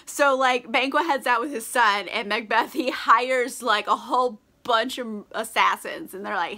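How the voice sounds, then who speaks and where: A woman's voice: fairly high pitch, moderate pace, hardly any pauses, bright, forceful tone. A tipsy woman doing a casual book recap vlog, slangy and profane, leaning on "like" and laughing a lot. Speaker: book vlogger.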